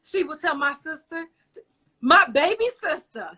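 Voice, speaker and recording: Bright, high-voiced expressive woman. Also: a little slow. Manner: animated, expressive, emotional. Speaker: host. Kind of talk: emotional casual chat.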